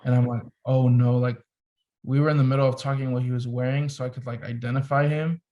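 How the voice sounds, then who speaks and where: A young man talks on a podcast as a photographer guest, recounting a story with animated, casual energy. He peppers his sentences with "like" and keeps the tone relaxed and conversational. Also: medium pitch, fast, lo-fi sound. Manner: animated storyteller, heavy use of "like".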